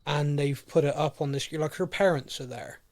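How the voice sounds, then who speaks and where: A man co-hosting a podcast, talking excitedly in casual chat and acting out characters' lines. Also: fairly high pitch, brisk. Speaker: podcast co-host.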